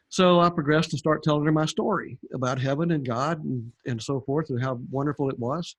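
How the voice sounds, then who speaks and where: A man's voice: fairly high pitch, fairly quick, hardly any pauses. An older man, a podcast guest, telling his story in a rambling, conversational way with many fillers. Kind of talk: conversational testimony.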